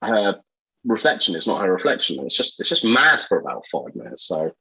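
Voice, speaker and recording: A man co-hosting a film podcast in casual chat, animated and incredulous, swearing freely. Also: low-pitched, fairly quick, husky, rough recording. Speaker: podcast co-host.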